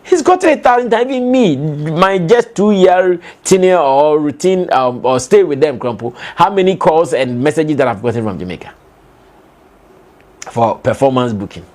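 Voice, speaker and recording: A man's voice: fairly high pitch, animated, moderate pace, a little mellow. A young Ghanaian man with a Ghanaian accent giving emphatic entertainment commentary, full of rhetorical questions and fillers. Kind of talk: animated opinion commentary.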